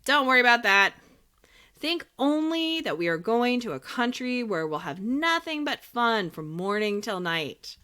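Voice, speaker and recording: A woman voicing a sly, flattering little man who drives a coach in a storybook reading. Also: on the high side, unhurried, smooth, pitched above the performer's own voice, exaggerated voice.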